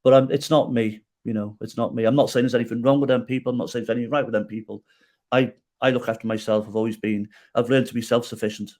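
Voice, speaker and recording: A man's voice: medium pitch, fairly even intonation, fast, a little mellow. A middle-aged man telling his own story as a podcast guest, acting out quoted dialogue and often checking in with the host. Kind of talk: storytelling in an interview.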